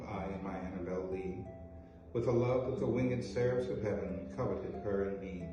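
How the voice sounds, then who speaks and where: A man hosting a video, reading poetry aloud with a theatrical, drawn-out delivery. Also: on the low side. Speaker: host. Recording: echoey room from far off, faint music.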